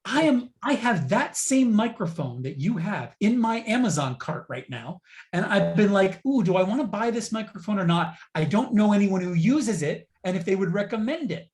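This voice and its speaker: A man's voice: sits high, sing-song, normal speed, darkish tone. Rambling man on a remote call. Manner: rambling, self-deprecating, many restarts. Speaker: guest writer. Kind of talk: casual interview chat.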